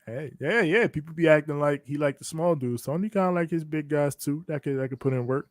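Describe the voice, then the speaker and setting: A man's voice: on the high side, brisk, no room sound, studio quality. A man co-hosting a casual wrestling reaction chat, laid-back and agreeable in his talk. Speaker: podcast co-host.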